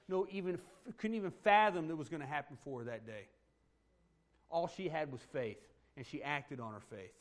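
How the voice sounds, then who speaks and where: A pastor delivers a sermon in a fairly high voice for a man. He talks to the congregation like a conversation, tossing in "right?" often. He swings from loud, emphatic declarations down to hushed, almost murmured lines. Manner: conversational preaching with frequent "right?" asides; swings between loud emphatic points and hushed, soft passages.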